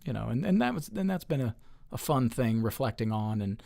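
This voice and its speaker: Here the guest is a state lawmaker in his forties, speaking earnestly and chattily in an interview with a medium-pitched, ordinary voice. His lengthy stories loop back on themselves, peppered with "you know" and restarts. The delivery is a bit fast and gravelly, darkish in tone, with wide swings in pitch.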